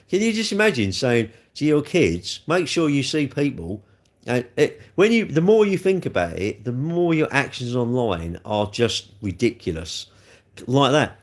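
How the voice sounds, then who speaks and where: A man chatting casually on a live stream, answering comments and telling off trolls. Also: mid-range voice. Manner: chatty and rambling, scolding trolls with rising heat. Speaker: livestreamer answering chat comments.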